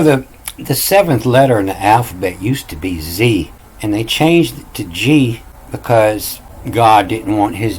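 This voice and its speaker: A man's voice: on the low side, slight background noise. An older man talking casually and in a rambling, folksy way about word origins, drifting into asides. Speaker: channel host.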